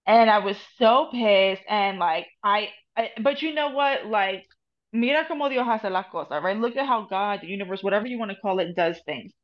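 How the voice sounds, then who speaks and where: On dull, lo-fi podcast audio, a Reiki master and tarot reader from the United States tells a story as a guest. Her voice sits at medium pitch with a moderate pace and a New Jersey accent, and her chat is casual and profane, sprinkled with Spanish phrases.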